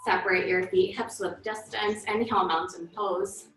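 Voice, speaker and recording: Breathless yoga teacher, bright and roomy. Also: female voice, mid-range voice, normal speed. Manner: calm cueing, breath-paced instructions. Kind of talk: live online yoga class instruction. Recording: echoey room from far off.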